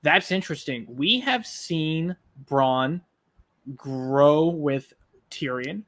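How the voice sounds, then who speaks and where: A man's voice: fairly high pitch, animated, slow, a bit bright. Man asking long rambling questions. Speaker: co-host of a reaction show. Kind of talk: casual discussion.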